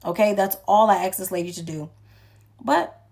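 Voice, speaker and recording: A woman tells a casual story to camera, venting about a difficult call at her job. Her voice is gravelly and creaky at middle pitch. She sounds exasperated and speaks directly to her audience. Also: lively intonation, moderate pace, a little mellow. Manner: exasperated, addresses viewers directly. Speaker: intake worker at a therapy practice.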